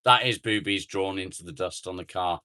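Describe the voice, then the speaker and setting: A man's voice: low voice, moderate pace, sharp tone, clean tone, no room sound, clean studio sound. A man hosting a casual live stream outdoors on a phone, chatting with viewers, humming and muttering to himself as he reads the chat. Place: outdoors, sitting in a chair near the house.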